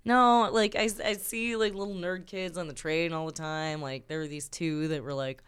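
Casting: wry Chicago woman, comic co-host, clean smooth tone. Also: on the low side, normal speed, hardly any pauses. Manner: wry, laughs often. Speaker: comedian podcast co-host. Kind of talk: casual comedic chat.

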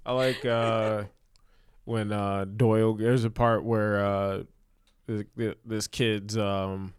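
A man's voice: fairly low pitch, little pitch movement, slow, clean tone, no room sound, clean studio sound. A man co-hosting a comedy podcast, telling stories loosely with swearing and laughs. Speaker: comedian co-host. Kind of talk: casual podcast chat.

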